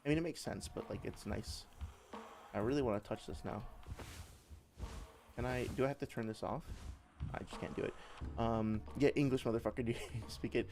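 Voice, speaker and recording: A man's voice: lowish voice, moderate pace, gravelly, long pauses, noisy background. A man playing a game while chatting, rambling and swearing freely, with faint game music behind him. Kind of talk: casual let's-play commentary.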